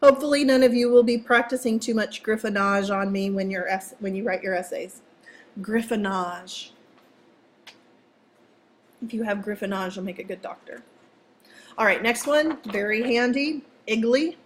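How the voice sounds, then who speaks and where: A woman's voice: fairly high pitch, fairly quick, slight background noise. A woman teaching a vocabulary lesson to students in a playful, chatty way, joking as she goes. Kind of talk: casual classroom vocabulary lesson.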